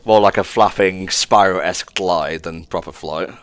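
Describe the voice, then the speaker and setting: A man's voice: sits low, measured pace, fairly bright tone. A man playing a video game and commenting casually, with a dry, teasing sense of humor. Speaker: let's play gamer.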